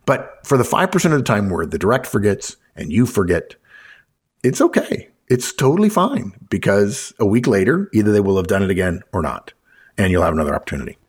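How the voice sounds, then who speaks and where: Brief: host, male, low husky voice, chatty advice delivery, acts out quoted lines. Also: very animated, a little fast. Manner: acts out quoted dialogue with a chuckle. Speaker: podcast host. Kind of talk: conversational management advice.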